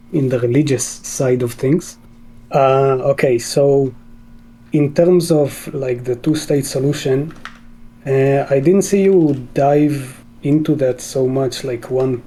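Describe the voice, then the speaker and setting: A man from Israel with an Israeli accent, calling in to a debate stream and speaking haltingly with many fillers. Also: mid-range voice, mellow, low-quality recording. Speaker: caller. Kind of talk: call-in debate.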